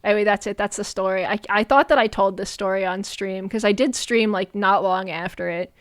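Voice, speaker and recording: A young adult woman streamer telling a story in casual chat, animated, swearing often and laughing between lines. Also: medium pitch, a little fast, smooth, dry recording, studio quality.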